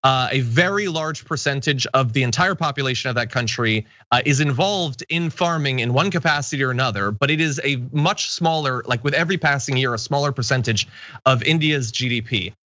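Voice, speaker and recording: A man hosts a casual news talk show with a bright, forceful voice. He reads viewer comments in a relaxed way and laughs easily. The sound is dry and a little dull. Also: medium pitch, brisk, no room sound. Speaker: host.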